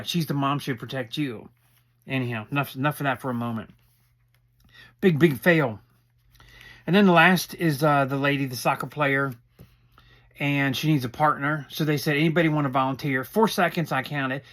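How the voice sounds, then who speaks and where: A man's voice: medium pitch, a bit bright. A man casually recapping a reality show episode, talking in a rambling, conversational way with asides and restarts.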